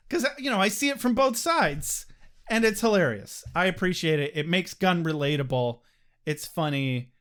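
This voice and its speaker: Laughing, high-voiced joking man. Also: wildly swooping pitch, a little slow, fairly bright tone. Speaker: podcast co-host. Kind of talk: casual chat.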